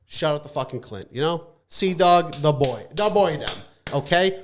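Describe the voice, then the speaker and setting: Man, podcast host, casual sign-off, loud, profane, mock-angry, slightly high-pitched. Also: animated, normal speed.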